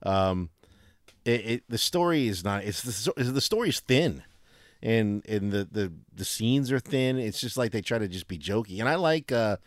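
Man lively low-voiced casual podcast host. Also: normal speed, no echo, studio quality. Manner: rambling, animated, lots of fillers. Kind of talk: casual chat.

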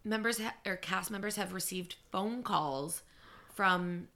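Bright-voiced woman in animated chat. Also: medium pitch, unhurried. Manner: animated, gasping reactions. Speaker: podcast co-host. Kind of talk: casual chat.

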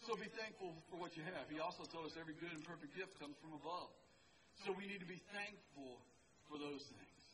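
A man's voice: on the high side, a little fast. A man preaching to a picnic crowd at a park, talking in a loose, conversational way with joking asides to his listeners. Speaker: pastor. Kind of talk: outdoor sermon. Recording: distant mic with crowd noise.

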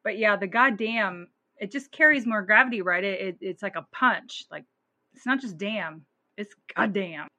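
Bright, laughing woman podcast co-host. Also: mid-range voice, moderate pace. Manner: laughs often, animated and blunt with swearing. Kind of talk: casual chat.

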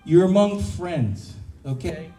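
A man emceeing a live pitch event, jovial and reassuring, telling the audience to relax and have fun. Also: lively intonation, slow pace, dark tone, soft background music. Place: large event room in Austin. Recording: echoey room, mic at a distance.

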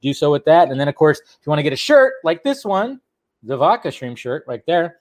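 A man's voice: a little high, big pitch swings, brisk, a little mellow, no echo, studio quality. A man hosting a casual livestream, rambling and laughing as he wraps up the show. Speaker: livestream host.

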